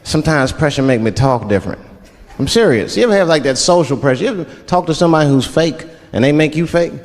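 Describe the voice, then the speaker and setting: Animated male stand-up comedian in a hall. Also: a little high, fast talker. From Washington, D.C. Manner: animated storytelling, slips into put-on voices. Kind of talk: stand-up routine. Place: large theater stage. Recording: large hall with live crowd.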